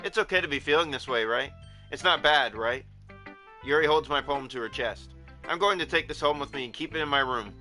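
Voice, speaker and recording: A man reading aloud the lines of a shy, obsessive young woman from a visual novel, halting and clingy. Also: medium pitch, pushed and bright, faint music behind, lightly acted.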